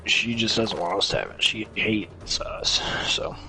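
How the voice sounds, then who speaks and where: A young man streaming games and chatting casually, excitable and joking, swinging between whiny pleading and low muttering. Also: measured pace, a little hiss or hum. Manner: excitable, joking, lots of laughter. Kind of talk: casual gaming stream chat.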